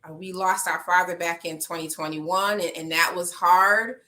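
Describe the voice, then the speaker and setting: Woman coach, bright forceful voice, heartfelt emotional podcast testimony. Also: fairly low pitch, steady tone, normal speed. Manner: heartfelt, emotional, rising to passionate pleading. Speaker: life coach.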